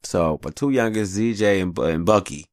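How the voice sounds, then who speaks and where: A man in his thirties, a father telling a casual story in an animated, profane, slangy way. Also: low voice, moderate pace, dry recording, studio quality.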